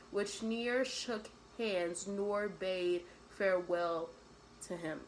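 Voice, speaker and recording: A woman's voice: mid-range voice, slight background noise, poor audio. A young woman retelling a classic play in casual slang, mixing read verse with her own summary and often adding "right?".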